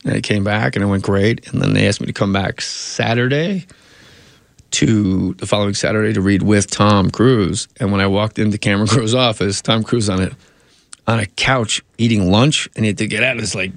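A man's voice: on the low side, fairly even intonation, moderate pace, gravelly, no room sound, clean studio sound. A man, a comedian and actor, telling rambling anecdotes in a casual interview, often cutting himself off.

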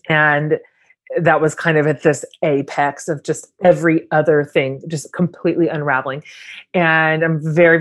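Chatty woman podcast host, lowish voice. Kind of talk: casual interview.

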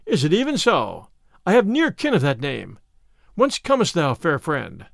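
A man's voice: a little high, huge pitch swings, normal speed, vocal fry, no room sound, studio quality, exaggerated voice. A man voicing a proud, bruised male outlaw leader in a storybook reading, speaking in hearty, archaic phrases.

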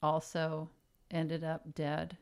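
Dry deadpan woman podcast host. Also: low-pitched, takes it slowly, smooth. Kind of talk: casual chat.

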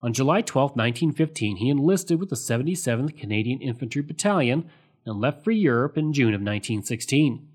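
A man with a middle-pitched voice narrates a history episode from a script. His reading is steady and measured, and he marks each quoted source aloud with "quote" and "end quote". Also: slightly rough. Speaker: history podcast host.

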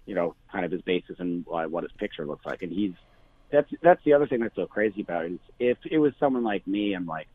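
A bar owner talking casually on the phone, full of fillers and restarts. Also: male voice, deep voice, expressive, fast. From Canada. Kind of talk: phone interview. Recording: tinny phone line.

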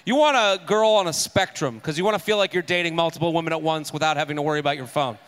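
A man co-hosting a live podcast in a theater trades rapid jokes with the audience in comedic banter. His voice sounds a little high, a bit bright, and smooth.

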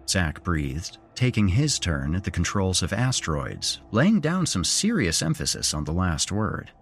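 A man with a husky, somewhat low voice narrates a first-person horror tale. His delivery is expressive, with pitch rising and falling widely through the story. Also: a little slow, few pauses. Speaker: podcast host and narrator.

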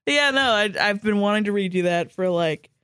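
A woman's voice: medium pitch, lively intonation, brisk, a bit bright, clean tone, no echo. A woman co-hosting a podcast in casual chat, dry and sardonic, swearing casually. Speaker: podcast co-host.

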